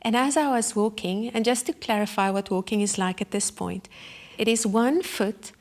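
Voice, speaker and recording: A woman giving a sermon as a personal story, told vividly and with feeling, sometimes dropping to a hush. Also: medium pitch, moderate pace. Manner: vivid, emotional storytelling with sudden hushed asides. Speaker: Christian speaker.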